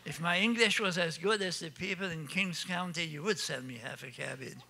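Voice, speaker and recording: An older man with an Acadian French accent tells jokes on stage in a folksy way. His voice sits high and sounds very bright and forward. He laughs at his own punchlines. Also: normal speed, gravelly. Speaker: storyteller. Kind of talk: comic storytelling on stage.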